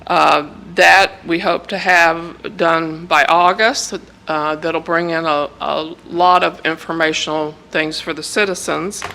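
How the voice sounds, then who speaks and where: A woman's voice: low voice, steady tone, takes it slowly, gravelly, bright, forceful tone, poor audio. A woman presenting a project timeline at a city meeting, hesitant and explanatory. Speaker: staff presenter.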